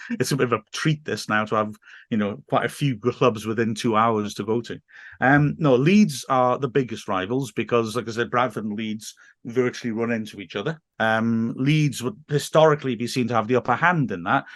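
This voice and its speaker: An English man, a teacher, chatting in a relaxed podcast conversation, talking at length and often laughing. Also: mid-range voice, dry recording, clean studio sound. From England. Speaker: teacher and football guest. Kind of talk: casual podcast chat.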